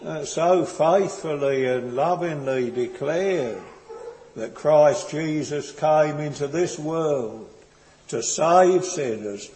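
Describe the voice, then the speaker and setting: A man preaches slowly and earnestly, his mellow, warm voice pausing and circling back over his words. His sermon rings with a long reverb, as in a large church hall. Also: a little high, animated. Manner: slow, earnest, tender preaching with hesitant restarts.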